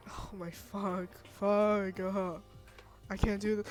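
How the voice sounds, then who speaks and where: Streamer, live game reading, emotional and expressive, quick exclamations, faint music behind. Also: medium pitch. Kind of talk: reading a visual novel aloud on a live stream.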